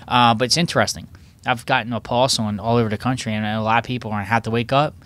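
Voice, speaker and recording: Fast-talking excitable podcast co-host. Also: male voice, medium pitch. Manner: fast, excitable, rambling with many restarts. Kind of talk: casual sports chat.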